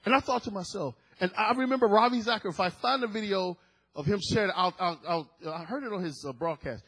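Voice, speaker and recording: A man preaching a sermon in a husky, slightly worn voice that sits high for a man. He moves between loud, emphatic declarations and quiet, hushed asides, stretching and rushing his words. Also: low-quality recording.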